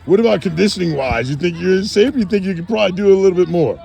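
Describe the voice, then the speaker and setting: At an outdoor football practice, a sideline interviewer playfully questions people in a casual way, teasing them and hyping them up. His voice sits high and sounds gravelly yet mellow, and he talks rapid-fire.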